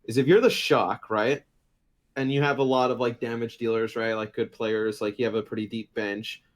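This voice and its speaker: A man's voice: mid-range voice, little pitch movement, moderate pace. A man co-hosting an esports podcast, rambling and filling gaps with "like" and "uh", mic held a bit far from his mouth. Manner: rambling, heavy on "like" and "uh". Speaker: podcast co-host. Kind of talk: casual esports chat.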